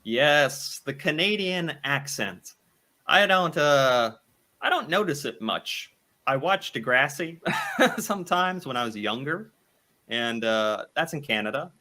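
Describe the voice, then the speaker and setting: A man's voice: a little high, animated, takes it slowly, bright, forceful tone. An American man casually reacting to a video, thinking aloud and laughing often. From United States.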